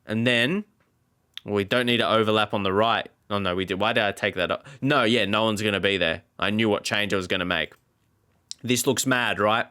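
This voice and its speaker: A man's voice: lowish voice, moderate pace, sharp tone, clear, resonant tone. A man giving let's play commentary as a gaming YouTuber, often exasperated and talking back at the game.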